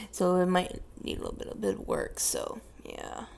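A woman's voice: fairly high pitch, big pitch swings, takes it slowly, mellow. A young woman with a Southern US accent, chatting casually as she answers question prompts, rambling, correcting herself and laughing, sometimes dropping to a whisper. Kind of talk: casual chat.

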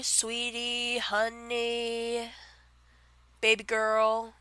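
A woman's voice: medium pitch, takes it slowly, pauses often, bright, forceful tone, clean tone, no echo. A young woman with a Southern accent chatting casually on a vlog, rambling with lots of fillers and frequent giggles. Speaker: vlogger answering question tag. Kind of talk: casual chat.

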